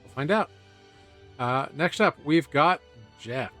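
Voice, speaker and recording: A relaxed man hosts a tabletop game from home, talking in a loose, chatty way. His voice sits a little high. Soft music plays faintly under him. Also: takes it slowly. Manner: relaxed, chatty, self-correcting. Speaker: game master. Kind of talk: casual tabletop game chat. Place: home setup.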